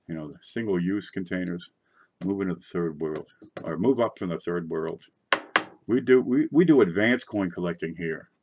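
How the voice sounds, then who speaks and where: A man hosting a coin collecting show in casual livestream chat from his desk, rambling and chatty with sudden excited outbursts. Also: low-pitched, a little hiss or hum. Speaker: coin collecting channel host.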